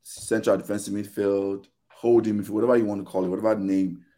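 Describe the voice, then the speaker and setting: A man's voice: fairly low pitch, fast talker. A man on a podcast panel in casual chat, ranting animatedly and acting out both sides of arguments. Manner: animated, exasperated ranting with quoted back-and-forth.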